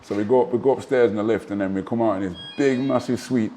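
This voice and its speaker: A man, a former boxer telling animated anecdotes in a casual interview, full of asides and restarts. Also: lowish voice, fast talker, slight background noise. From Manchester, England. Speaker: guest, former professional boxer.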